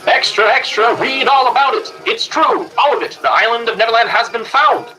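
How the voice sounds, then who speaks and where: A man doing a bright old-time newsreel announcer. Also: very high-pitched, a little fast, soft background music, exaggerated voice, low-quality recording. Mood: excited. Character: male newsreel announcer hyping an expedition.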